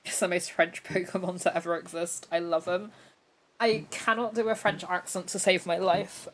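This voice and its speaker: A woman streaming a game live, chatting excitedly and giggling as she talks to the characters. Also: on the low side, moderate pace. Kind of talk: casual live gameplay commentary. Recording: game music playing underneath.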